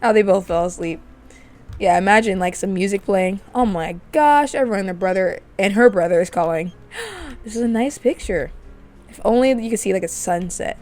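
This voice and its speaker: A woman's voice: medium pitch, moderate pace, darkish tone. A woman hosting a gaming video, chatting casually and spinning a story while she plays a life-sim game. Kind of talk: let's play commentary.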